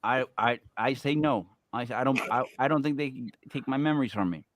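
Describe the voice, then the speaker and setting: A man's voice: mid-range voice, no echo. Brash joking man host, dry sound. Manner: brash, joking, fast-talking and stubborn. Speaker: podcast host. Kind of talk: casual interview chat.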